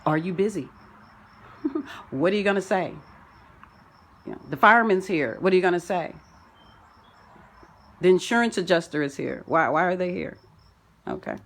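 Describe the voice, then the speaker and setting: A woman delivering a rambling spiritual monologue, full of wordplay and sing-song turns, swinging from loud declarations to soft asides. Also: lowish voice, animated, moderate pace, pauses often. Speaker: spiritual self-help vlogger. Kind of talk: rambling spoken-word monologue.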